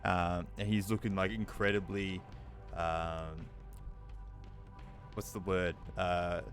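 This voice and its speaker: A man narrating as dungeon master of a tabletop game, talking loosely with many fillers and pauses. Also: deep voice, flat delivery, soft background music.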